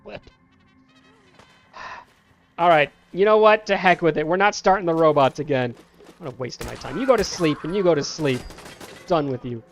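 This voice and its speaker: A man's voice: a little high, moderate pace, long pauses. Playful man scolding game characters. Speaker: gameplay streamer. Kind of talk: casual let's-play commentary.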